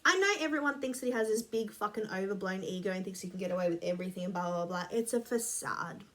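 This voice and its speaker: A woman's voice: medium pitch, very fast, a bit bright. A woman rambling casually to camera, blunt and sweary, a bit sniffly. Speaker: vlogger.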